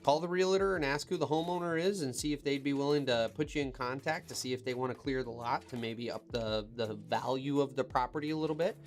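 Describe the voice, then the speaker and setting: A chatty working man on a casual live stream, talking from the cab of his machine. He reads viewer comments out loud and answers them off the cuff in an easygoing, mid-pitched voice. Faint music plays behind him. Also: quick pace, few pauses. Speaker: heavy equipment operator hosting a live Q&A. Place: in an equipment cab.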